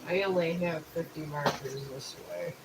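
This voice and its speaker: A medium-pitched voice at a moderate pace belongs to a just-woken live streamer who paints and chats casually. They think out loud and go through the art supplies one step at a time, with steady noise in the background.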